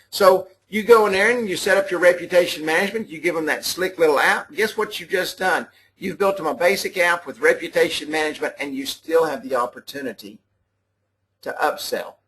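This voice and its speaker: A man's voice: fairly high pitch, fairly bright tone. A man giving folksy, repetitive sales training over a live webinar, with clipping audio. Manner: folksy, repetitive, talks to listeners directly. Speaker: sales trainer for a mobile app business.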